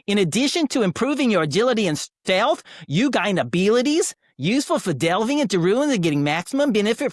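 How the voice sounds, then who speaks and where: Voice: medium pitch, dry recording. Broad fake Australian read-aloud, put on by the host, hammy, dry close mic. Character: cheerful reader doing a fake Australian accent.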